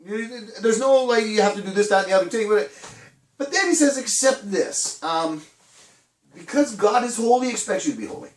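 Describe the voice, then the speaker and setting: A middle-aged man with a high, lively voice tells a children's church story in a chatty way, popping into little character voices and laughing along. He sounds a bit far from the mic, in an echoey room. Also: a little fast. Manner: chatty and animated, acts out voices, laughs often.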